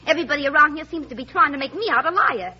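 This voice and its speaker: Ethel, huffy Brooklyn wife. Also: female voice, high-pitched, lively intonation, racing. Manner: huffy, melodramatic, prim. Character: touchy Brooklyn wife Ethel, dramatic and stubborn. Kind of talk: 1930s radio comedy acting. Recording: dull lo-fi old radio recording.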